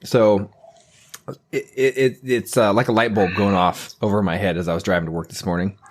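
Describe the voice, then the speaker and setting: A man co-hosting a comedy podcast, deadpan and teasing. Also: lowish voice, a little fast. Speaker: podcast co-host. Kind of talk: casual comedic podcast chat.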